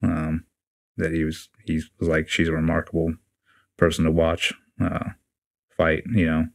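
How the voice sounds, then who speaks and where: A man's voice: a bass voice, measured pace, creaky. A man in his forties, a podcast guest, telling his story bluntly and casually, swearing freely and acting out what others said. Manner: blunt, profane, animated retelling with quoted dialogue. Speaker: podcast guest, retiring Navy SEAL chief.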